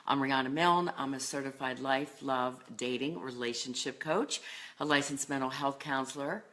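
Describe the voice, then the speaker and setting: A woman's voice: very deep voice, normal speed, a bit bright. A middle-aged woman life and love coach, talking earnestly to camera about relationships, with lists and filler words. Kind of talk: solo talk to camera on relationships.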